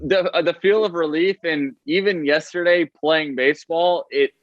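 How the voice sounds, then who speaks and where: A man's voice: on the high side, fairly even intonation, no echo. Man, ballplayer guest, rambling storyteller, muffled, dry. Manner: fast, chatty, lots of fillers and "right?". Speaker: baseball player guest. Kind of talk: casual podcast storytelling.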